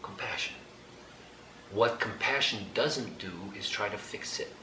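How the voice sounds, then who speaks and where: Low-voiced man guiding a group, echoey room. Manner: slow, gentle instructions with light laughter. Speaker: workshop leader. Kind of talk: guided group exercise. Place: hall with an audience. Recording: echoey room, background noise.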